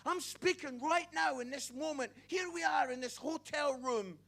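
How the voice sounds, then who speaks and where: A young adult man preaching a passionate sermon as an evangelist. He swings from loud exclamations to hushed tones and often stammers and repeats words. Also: extremely high pitch, normal speed.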